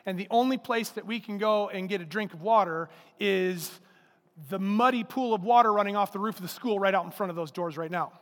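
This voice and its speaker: A male pastor with a high-pitched, fairly quick voice preaches a sermon at a church service in a large hall. He speaks conversationally and emphatically, leaning on rhetorical questions and repetition, and long hall reverb trails his words.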